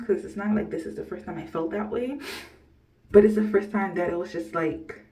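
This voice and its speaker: A woman's voice: medium pitch, dark tone, recorded from a distance, highs cut off. A woman in her early twenties telling a personal story to camera in a rambling, blunt way, swearing freely and laughing often. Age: early 20s. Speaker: vlogger.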